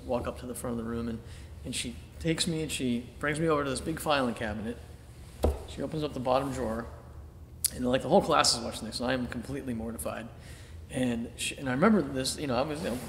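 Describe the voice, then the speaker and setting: A middle-aged man from Boston, an artist being interviewed, telling animated anecdotes and acting out his own past thoughts, with plenty of fillers. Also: medium pitch, a little hiss or hum. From Boston, Massachusetts, USA. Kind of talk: casual storytelling interview. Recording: roomy echo with long reverb, faint ambience.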